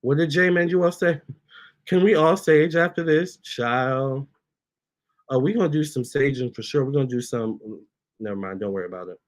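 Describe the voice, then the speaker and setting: A man's voice: mid-range voice, normal speed. A man, a tarot reader, chatting casually on his livestream, reading viewer comments aloud and cooing at his cats. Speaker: tarot reader and channel host.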